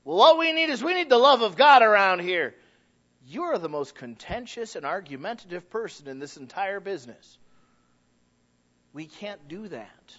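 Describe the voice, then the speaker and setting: A man preaching a sermon as pastor, animated and folksy, swelling loud and then dropping low. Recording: dull lo-fi recording.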